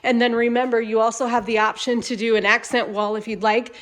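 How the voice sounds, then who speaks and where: A woman's voice: fairly high pitch, flat delivery, brisk. A woman hosting a casual home tour vlog as a salesperson, upbeat, chatty and enthusiastic, a little congested from a cold. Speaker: manufactured home salesperson and channel host.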